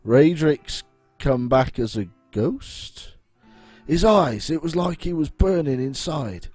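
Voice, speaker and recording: A man's voice: fairly high pitch, expressive, slow pace, darkish tone, husky, no room sound, soft background music, pitched above the performer's own voice, heavily acted. A man voicing a frightened male former guard who has fled, reading the lines in a jittery, pleading way.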